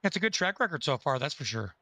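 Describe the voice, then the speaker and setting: A man who races sim cars, hoarse from losing his voice, talking matter-of-factly and a bit self-deprecating after a race, on a headset mic. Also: on the high side, sing-song, fast talker, pushed and bright, poor audio. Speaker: sim racing driver. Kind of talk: casual post-race interview.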